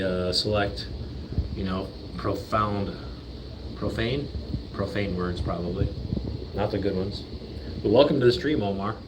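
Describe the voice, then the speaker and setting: Heavy background noise surrounds a middle-aged man with a fairly low voice as he hosts a casual livestream. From his fish room full of aquarium tanks, he chats in a laid-back way and talks to his fish.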